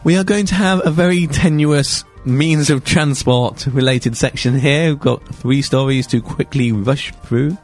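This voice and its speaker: A man hosting a radio show, chatting casually and quickly with stumbling restarts, in a radio studio. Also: mid-range voice, faint music behind.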